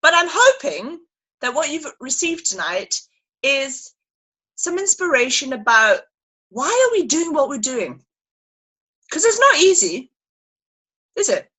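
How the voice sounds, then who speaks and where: A woman leading a sales team through a motivational training talk on a video call, animated and emphatic, acting out little scenes as she speaks. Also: high voice, a little slow, long pauses, poor audio.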